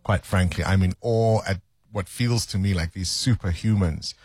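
A man's voice: deep voice, normal speed, a little mellow, husky, no room sound, clean studio sound. A man hosting a radio show, chatting casually, laughing often and musing on the news. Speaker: radio host. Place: radio studio.

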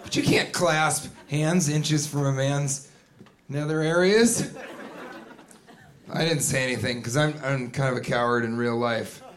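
A man performing a stand-up comedy set, animated and jumping into loud put-on voices and shouts. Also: medium pitch, measured pace. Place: comedy club stage with a live audience. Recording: live club recording with crowd laughter and noise. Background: audience laughing.

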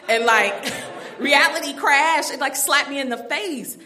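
A middle-aged woman telling a personal story to an audience, animated and self-mocking, laughing often. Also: high voice, unhurried.

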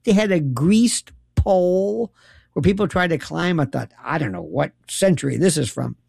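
Woman, storyteller, animated and laughing, dry booth sound. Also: on the low side, normal speed, gravelly, slightly rough, no echo. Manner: animated, laughing, dramatic quoted voices. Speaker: radio host guest. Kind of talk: casual storytelling chat.

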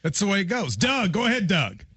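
A man's voice: high-pitched, big pitch swings, brisk, sharp tone, slight background noise. A man hosting a sports talk radio show, loose and joking as he talks over his cohosts.

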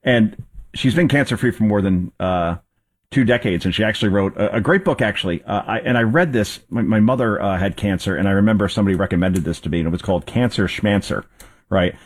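A man with a low, husky voice hosts a news commentary show. He talks loosely and conversationally, rambling through his points. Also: fast. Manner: rambling, conversational, with fillers and restarts.

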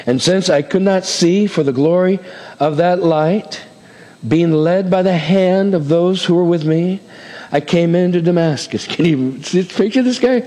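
Animated male pastor in a reverberant church. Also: high voice, unhurried. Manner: animated, acts out scripture voices. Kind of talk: sermon. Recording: hall reverb.

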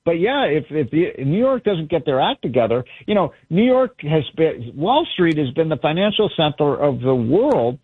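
A man calling in as a guest on a radio show, talking in an animated, fired-up way and telling stories. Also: a little high, normal speed, few pauses, slightly rough, no room sound. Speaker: guest commentator. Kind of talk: radio interview by phone. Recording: tinny phone line.

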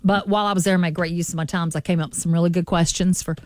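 A woman's voice: on the low side, rapid-fire, dry recording, studio quality. A woman with a Southern accent, a radio morning show host telling a travel story in casual chat. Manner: chatty storyteller, animated.

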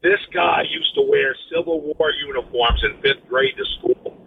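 A man's voice: on the high side, huge pitch swings, normal speed, gravelly. Blunt male caller on a phone line. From Maine. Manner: blunt, matter-of-fact. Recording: phone line with faint noise.

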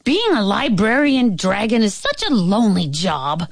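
A woman's voice: mid-range voice, big pitch swings, measured pace, creaky, no room sound, pitched above the performer's own voice, full character voice. Woman voicing a haughty dragon librarian. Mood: gloomy. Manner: dry, haughty and scolding. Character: stern fire-breathing female dragon librarian.

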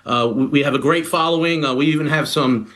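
A male guest who talks up his products in a halting, upbeat way, stopping often for fillers. His voice sits a little high. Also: a bit bright. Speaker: guest, personal trainer. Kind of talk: casual chat.

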